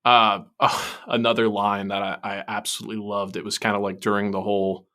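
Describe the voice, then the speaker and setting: A low-pitched man with a bright, forceful tone co-hosts a casual podcast. He talks animatedly and laughs often. His voice sits lower than most, with a crisp edge. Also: flat delivery, a little fast. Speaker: podcast co-host.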